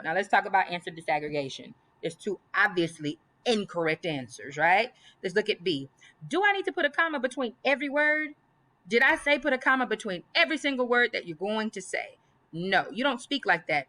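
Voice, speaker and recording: Woman, teacher, bright voice, emphatic, grammar lesson. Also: mid-range voice, animated, brisk. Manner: emphatic, repeats list items aloud.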